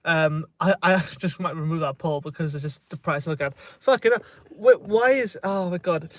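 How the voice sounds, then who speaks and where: A man's voice: fairly high pitch, normal speed, fairly bright tone. A man with a Welsh accent chatting casually on a phone livestream, rambling and hesitant, swearing freely. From Wales. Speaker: self-help vlogger. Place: outdoors in a remote spot. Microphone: phone held in hand.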